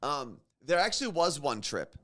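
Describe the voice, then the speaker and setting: A man's voice: fairly high pitch, big pitch swings, moderate pace, fairly bright tone. Chatty male morning show co-host. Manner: chatty storyteller, bursts into silly singing. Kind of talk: casual morning show chat.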